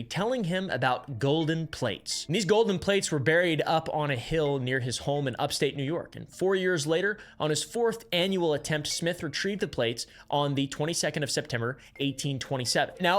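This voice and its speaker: Brisk, wry male storyteller. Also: fairly high pitch, fairly bright tone. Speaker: video narrator. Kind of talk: scripted narration.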